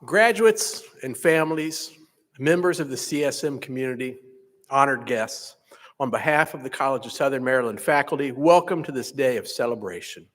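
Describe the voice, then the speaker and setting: A man, a faculty senate president, giving a measured, earnest commencement speech from a podium. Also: medium pitch. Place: large hall. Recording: echoey hall PA recording.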